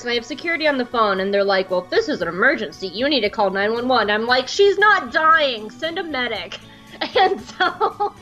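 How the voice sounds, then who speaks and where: A young woman with a slightly high voice tells a story in an animated, rambling way, full of fillers and restarts. The recording sounds dull and lo-fi, with faint music underneath. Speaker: podcast co-host. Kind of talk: casual storytelling chat.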